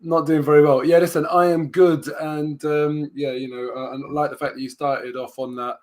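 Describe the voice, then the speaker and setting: A man's voice: a little high, little pitch movement, fairly quick, a little mellow. A man from England, chatting as co-host of a fan show over a video call, rambling and jokey. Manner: rambling, self-correcting, jokey. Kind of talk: casual fan chat.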